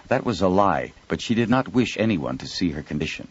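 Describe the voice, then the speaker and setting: A man narrating an audiobook in an expressive storytelling reading. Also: deep voice, brisk, slightly rough, lo-fi sound. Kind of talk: scripted narration.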